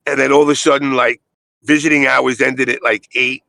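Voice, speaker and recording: Older guy, gravelly and bright-edged, swearing his way through a rambling story. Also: medium pitch, fairly even intonation, normal speed, no room sound, low-quality recording. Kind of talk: casual chat.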